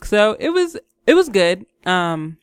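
Chatty woman with a smooth, clear voice. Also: mid-range voice, big pitch swings, slow, no echo, clean studio sound. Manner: chatty, giggly, lots of "like" and "um". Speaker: co-host. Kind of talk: casual chat.

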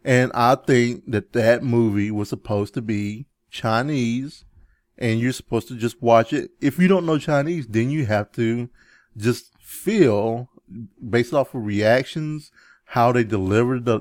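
Male co-host, lively casual movie chat, dry close sound, chuckles a lot. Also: measured pace, no echo. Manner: animated, chuckling, jumps into high mimicking yells. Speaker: podcast co-host.

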